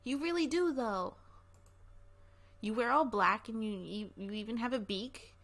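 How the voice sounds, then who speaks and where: A woman's voice: medium pitch, unhurried, a bit bright. A woman voicing a curious, playful young heroine as she reads a visual novel aloud. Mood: eager curious. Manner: eager, inquisitive, playful. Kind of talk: voice acting while reading a visual novel.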